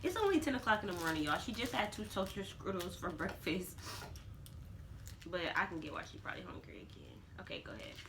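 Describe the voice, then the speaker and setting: A woman's voice: mid-range voice, very animated, quick pace, vocal fry. A young woman talking candidly in a home vlog, rambling and emotional, laughing through tears at times. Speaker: vlogger. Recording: distant mic, faint background noise.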